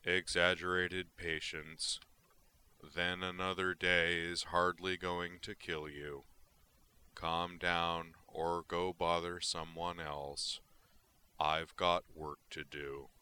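A massive alien clerk, put on by a man reading aloud, grinds out every sentence in a heavy, flat monotone. The voice sits deep with a bright, hard edge, and each remark comes slowly, as if it were a report. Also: smooth, heavily acted. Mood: unsympathetic. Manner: flat monotone, names his emotion before speaking. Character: massive slow male alien supply clerk.

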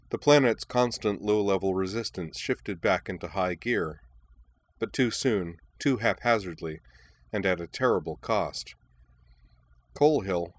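A man reading a war story aloud in a measured, even narration. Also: fairly low pitch.

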